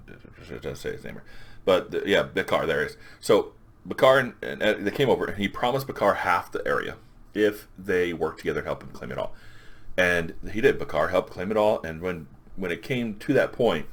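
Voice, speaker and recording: A man giving a casual, rambling recap of a comic book issue, often restarting his sentences and quoting the characters in passing. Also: low-pitched.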